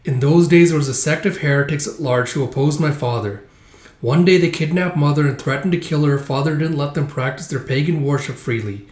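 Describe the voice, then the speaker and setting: A man voicing a sad, sheltered young princess in a soft, earnest way, in an echoey room. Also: on the high side, brisk, close to an everyday voice. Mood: sorrowful.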